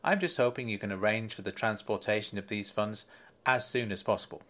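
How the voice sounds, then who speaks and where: A man's voice: lowish voice, brisk, fairly bright tone, lightly acted. A man voicing a firm, insistent wealthy businessman in a storybook reading. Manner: blunt and insistent.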